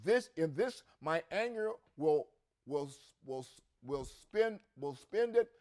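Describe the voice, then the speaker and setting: A man's voice: fairly high pitch, animated, slow pace, a little mellow. A man co-hosting a religious podcast, reading scripture aloud with rising emphasis and adding his own comments. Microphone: podcast mic.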